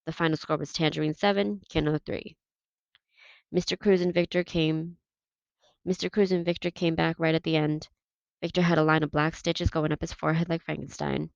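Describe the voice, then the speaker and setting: Woman reader, steady novel narration, low and gravelly; dry lo-fi take. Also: normal speed, no room sound. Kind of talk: reading a novel aloud. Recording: dull, dry lo-fi recording.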